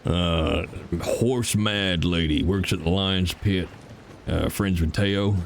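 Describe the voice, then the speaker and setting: A man voicing a gruff, stocky frontier lawman in a western role-play, speaking in a lowered, terse, polite drawl. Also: fairly even intonation, slow pace, slight background noise, heavily acted. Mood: polite inquiry.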